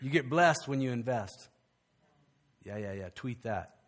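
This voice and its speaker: A male pastor, preaching a conversational, animated sermon with frequent restarts. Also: mid-range voice, unhurried.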